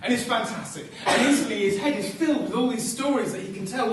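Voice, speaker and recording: A man's voice: very high voice, quick pace, few pauses, noisy background. Male storyteller in an echoey theatre. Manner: rhythmic and repetitive, dropping to hushed tones. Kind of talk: live stage storytelling. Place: theatre stage. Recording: echoey theatre from far off, faint ambience.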